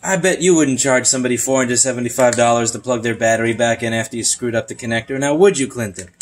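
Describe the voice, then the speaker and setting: A man's voice: mid-range voice, fast, a little hiss or hum. A man talking to his cat in a casual, sarcastic way, with baby talk mixed with jokes. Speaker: channel host.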